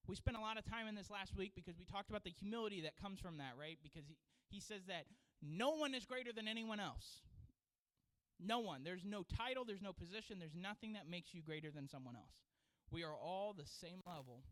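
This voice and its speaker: A man who is a children's pastor, preaching a sermon and telling a story in an animated way with frequent laughter. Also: high-pitched, moderate pace, low-quality recording. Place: church sanctuary.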